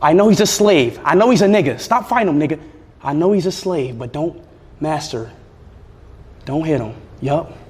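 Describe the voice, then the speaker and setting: An excitable young man talks to his pets, his fairly high voice leaping between shrill yelps and low mutters. The sound is a roomy indoor space with a long, echoey tail and a faint hiss underneath. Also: normal speed. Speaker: streamer. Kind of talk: casual livestream chat. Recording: echoey room, faint background noise.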